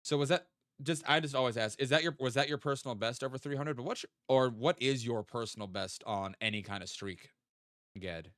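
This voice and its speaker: A man's voice: medium pitch, brisk, a bit bright, no room sound, studio quality. A young man, chatting casually with viewers while playing a geography game and thinking aloud. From American South. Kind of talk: casual live-stream chat.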